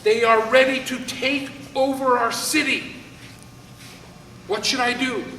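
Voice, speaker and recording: A man's voice: fairly even intonation, a little slow, pushed and bright, slight background noise, heavily acted. A man voicing an anxious, fussy king who talks in a raised, fretful way. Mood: alarmed. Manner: higher, pleading and fretful. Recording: echoey hall, voice from far off.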